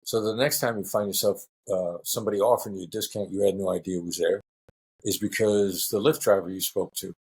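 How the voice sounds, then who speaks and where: Here a former hostage negotiator, middle-aged, responds to an interviewer with easygoing anecdotes, performing the quoted voices himself. He sounds low and husky, moving a little fast.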